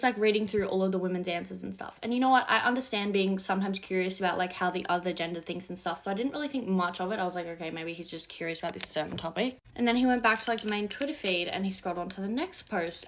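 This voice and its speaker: A woman's voice: medium pitch, a little hiss or hum. A woman telling a personal story in a casual storytime vlog, chatty and full of filler "like".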